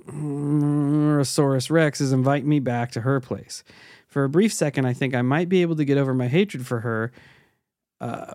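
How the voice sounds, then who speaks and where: A man's voice: mid-range voice, darkish tone, no echo, studio quality. A male podcast host chatting casually and reading a listener's story aloud in a laid-back, profane way.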